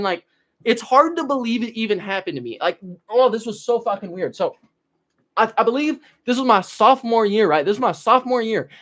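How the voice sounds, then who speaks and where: High-voiced young man streaming, profane and rambling. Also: fairly bright tone. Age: young adult. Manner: profane, rambling, trailing off into mumbles. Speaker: livestreamer. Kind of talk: casual livestream chat and storytelling.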